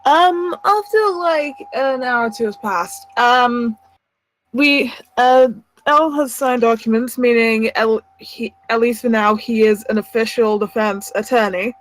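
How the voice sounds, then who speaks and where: A woman narrating a tabletop game as game master, pausing often with ums and uhs. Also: a little high, low-quality recording. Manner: hesitant, full of ums and uhs.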